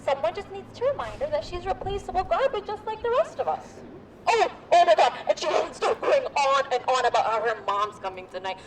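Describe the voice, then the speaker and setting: A woman's voice: high voice, lively intonation, fairly quick, over a noisy crowd, poor audio. An actress playing a jealous young 1920s chorus girl in live street theatre, talking dramatically and gossiping. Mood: ranting. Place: outdoors on a street. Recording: outdoor street noise.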